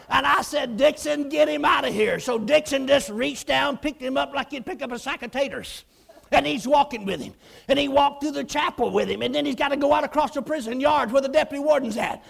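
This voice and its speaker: A man preaching a lively story, acting out voices and often shouting. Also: very high-pitched, a little fast, vocal fry, breathy edge. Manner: animated, acts out voices, shouts and laughs. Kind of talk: storytelling sermon.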